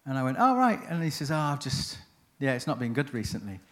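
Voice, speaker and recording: Talking fast in a mid-range voice, this man presents a seminar on chaplaincy at a conference. His storytelling is chatty and anecdotal, and he frequently breaks into his own sentences.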